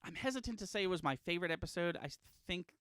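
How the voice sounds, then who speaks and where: Bright, smooth-voiced young man rambling. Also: high-pitched, lively intonation, very fast. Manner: rambling, hesitant, frequent fillers and laughs. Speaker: podcast co-host. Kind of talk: casual chat.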